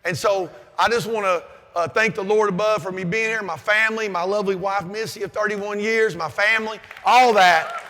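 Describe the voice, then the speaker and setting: Man, fifties, high-pitched voice, bright and forceful, long hall reverb, keynote speech. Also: fairly even intonation, moderate pace. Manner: loud, forceful, self-described aggressive and over the top. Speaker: conference keynote speaker. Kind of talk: motivational conference speech. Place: large conference hall.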